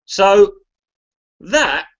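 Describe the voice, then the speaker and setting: English guy, kinda high voice, rambling and swearing lots, muffled lo-fi stream audio. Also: very animated, very slow. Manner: rambling, swears freely, restarts sentences. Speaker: charity livestream contributor. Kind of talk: casual rambling chat to a live stream.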